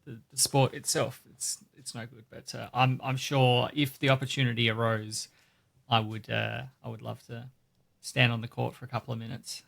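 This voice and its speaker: Man from australia, gravelly voice, relaxed podcast chat, trails off soft. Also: mid-range voice, moderate pace. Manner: relaxed, self-deprecating, trails off quietly. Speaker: podcast co-host. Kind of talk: casual chat.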